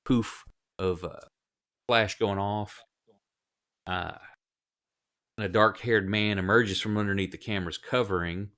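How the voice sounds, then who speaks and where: A man narrating as game master in a tabletop game, relaxed and halting with fillers. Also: on the low side, clean tone.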